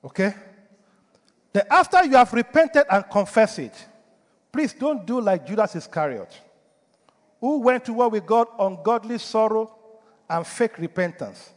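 A man's voice: sits high, lively intonation, unhurried, long pauses, long reverb tail. A male pastor delivering a sermon, preaching emphatically and putting rhetorical questions to the congregation. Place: church.

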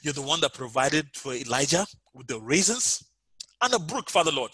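A man's voice: a little high, sing-song, moderate pace, sharp tone, slightly rough, dry recording, low-quality recording. A man preaching and leading prayer, chanting fervently and repeating "Father Lord" as he speaks to listeners at home. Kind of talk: prayer and sermon.

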